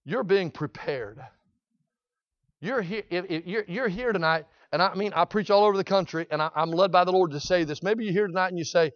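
A man's voice: sits high, brisk, no room sound, muffled recording. A middle-aged man preaching a sermon, telling a folksy story with frequent amens and rising to hollering.

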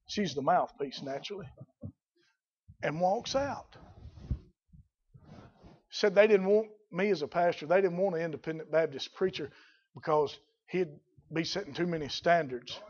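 A middle-aged man preaching a fiery sermon as a pastor, rising to shouts at his peaks. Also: on the high side, normal speed, long pauses, slightly rough. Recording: dull lo-fi recording.

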